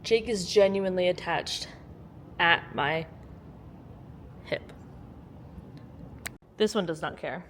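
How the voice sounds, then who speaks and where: A woman's voice: fairly low pitch, takes it slowly, long pauses, a little hiss or hum. A woman vlogging casually at home, chatty and joking, laughing often and swearing casually, recorded on a handheld phone. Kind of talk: casual vlog chat. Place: at home during a storm.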